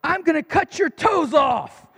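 A man voicing an angry little boy in the middle of a tantrum, shouting in a shrill, wailing voice. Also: expressive, a little slow, vocal fry, long reverb tail, full character voice. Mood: furious.

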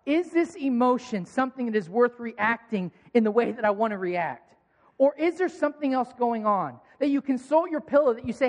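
Thirtysomething pastor guy preaching casual and animated, lots of rhetorical questions, long reverb like a big church. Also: extremely high pitch. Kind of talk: sermon.

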